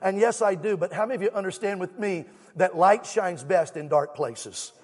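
A man's voice: high voice, moderate pace, darkish tone. A man preaching a fervent sermon as a guest evangelist, exhorting the congregation and calling for them to answer back. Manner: fervent, exhorting, calls for crowd response. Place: church sanctuary. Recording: long church hall reverb.

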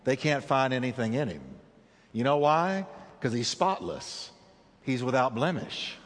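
A man preaching a sermon as pastor, with dramatic delivery that slows down for emphasis. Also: lively intonation, big-room sound. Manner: dramatic preaching with big swings in pitch and slowed emphasis.

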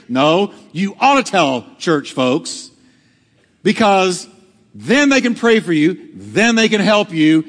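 Animated preaching man in echoey church. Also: sits high, slow. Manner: dramatic preaching, acting out quotes. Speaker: pastor. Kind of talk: sermon. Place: church hall.

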